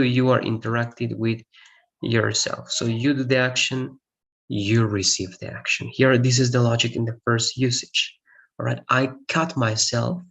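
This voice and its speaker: This is a man whose first language is Spanish, teaching an English grammar lesson. His mid-range voice carries a gravelly edge. He walks through each point step by step, repeats himself for clarity and often checks in with the class. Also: medium pitch, a bit bright. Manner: explains step by step, repeats points, asks "all right?".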